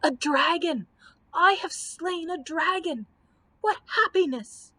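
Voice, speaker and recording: A woman's voice: very high-pitched, takes it slowly, bright, forceful tone, pitched above the performer's own voice, exaggerated voice. A woman voicing a brave, boastful male knight who roars his lines. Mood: triumphant. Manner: roaring, exuberant.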